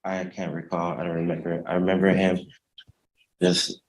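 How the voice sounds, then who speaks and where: A man testifying as a defendant in court, hesitant and soft-spoken, halting over his words. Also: sits low, flat delivery, rough recording.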